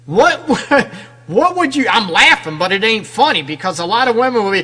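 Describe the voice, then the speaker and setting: A man's voice: high-pitched, big pitch swings, moderate pace, pushed and bright, slightly rough. A man hosting a radio advice show as a relationship counselor, talking directly to women listeners with lots of rhetorical questions. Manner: direct, conversational, keeps addressing women listeners; frequent rhetorical questions and tag "right?".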